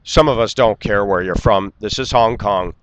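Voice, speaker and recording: A man delivering an indignant, lecturing rant straight to camera and clearing his throat now and then. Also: on the low side, moderate pace, slight background noise, rough recording. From United States. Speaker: vlogger. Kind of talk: ranting monologue.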